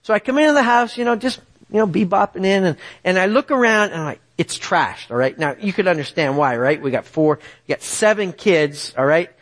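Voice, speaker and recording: A middle-aged man preaching a sermon, telling a personal story in an animated way and often checking in with the audience. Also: high-pitched, fairly quick.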